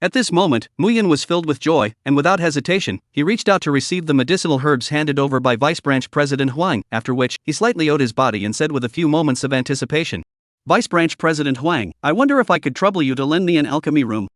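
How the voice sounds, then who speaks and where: Man, story recap narration, steady even delivery, slightly high voice, dry close sound. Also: quick pace, no echo.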